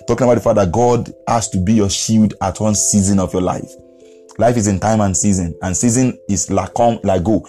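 Mellow-voiced man preaching over soft music. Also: lowish voice. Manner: earnest, repetitive preaching with chuckles. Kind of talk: podcast sermon.

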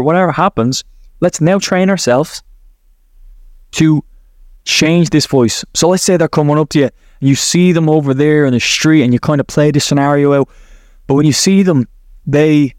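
A man's voice: fairly high pitch, darkish tone, no echo, clean studio sound. Rambling man coaching a visualization. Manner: rambling, self-correcting, laughs at himself. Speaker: podcast host, NLP coach. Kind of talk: guided visualization talk.

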